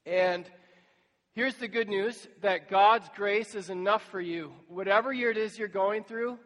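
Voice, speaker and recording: A man whose voice sits high, a touch slow and somewhat bright, preaches a sermon as a pastor. He talks conversationally and acts out imagined exchanges with people going through hard times. The recording carries a long church reverb.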